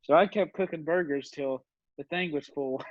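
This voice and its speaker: A man's voice: a little high, moderate pace, no echo. Rambling young man telling stories. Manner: rambling, laughs often, lots of fillers. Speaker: podcast guest. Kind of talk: casual storytelling chat. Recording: dull, dry lo-fi recording.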